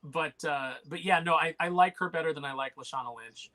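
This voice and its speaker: Fast, bright-voiced man chatting. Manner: animated, mimics others in high voice. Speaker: podcast co-host. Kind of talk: casual chat.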